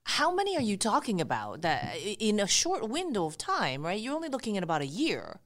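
A woman's voice: medium pitch, huge pitch swings, a little fast. A woman interviewing a guest, breaking in with short questions and reactions. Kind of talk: casual interview.

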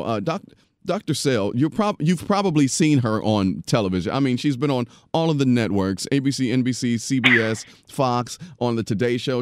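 A man's voice: medium pitch, dry recording, clean studio sound. A man hosting a podcast interview in casual chat, enthusiastic and affirming, often restarting his sentences. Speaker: podcast host.

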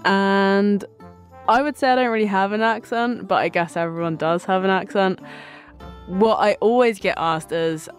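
A woman with a Hampshire accent, a studio director, speaking in a relaxed, self-deprecating way. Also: medium pitch, normal speed, faint music behind. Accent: Hampshire, southern English.

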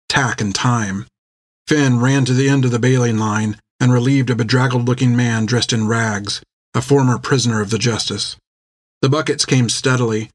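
A man reading an adventure novel aloud in measured, scripted narration on a close mic. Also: mid-range voice, dry recording. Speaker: audiobook narrator.

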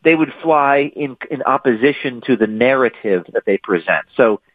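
A man's voice: medium pitch, expressive, normal speed, no room sound. Emphatic man on a tinny phone line. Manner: emphatic, repeats and restarts words. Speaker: author and interview guest. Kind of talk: remote interview answers. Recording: thin phone-line audio.

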